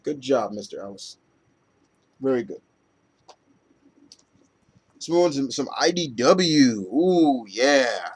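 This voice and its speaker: A man's voice: mid-range voice, animated, slow pace, pauses often, breathy edge. A man reviewing comic books in a loose, rambling chat full of fillers and casual swearing.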